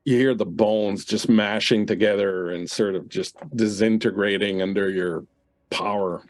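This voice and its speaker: A man's voice: fairly low pitch, steady tone, measured pace, no room sound. A man narrating as game master of a tabletop role-playing game, describing scenes with frequent uhs.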